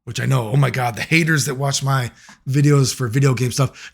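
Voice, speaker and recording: A man telling a long personal story in a casual monologue, rambling and profane, getting animated when he quotes other people. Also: medium pitch, normal speed, vocal fry. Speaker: video creator.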